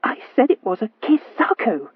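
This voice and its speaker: A woman's voice: big pitch swings, normal speed, husky, no echo, narrow, tinny audio. Woman doing a stammering flustered young lady. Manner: stammering, high-strung, urgent.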